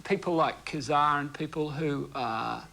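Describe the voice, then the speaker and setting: A man's voice: on the high side, measured pace, gravelly, pushed and bright. An Australian man on a comedy panel, riffing in rambling, self-interrupting comic rants. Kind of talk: improvised comic rant. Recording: studio audience laughter and noise.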